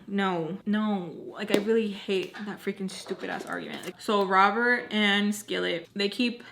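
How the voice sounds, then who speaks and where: A young woman tells a personal story straight to her viewers in a loose, chatty way. She leans on "like" constantly and slips into quick voices for the people in her story. Her pitch sits in an everyday middle range. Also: fairly bright tone. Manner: chatty, heavy use of "like", acts out quotes. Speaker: vlogger. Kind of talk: casual storytime while doing makeup.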